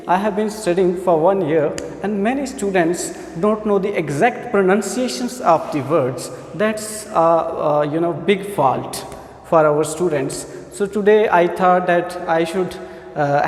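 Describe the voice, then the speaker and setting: A man with a Punjabi accent teaching English pronunciation, explaining slowly with repeated examples and fillers. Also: sits high. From Pakistan. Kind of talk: spoken pronunciation lesson. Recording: echoey room with long reverb.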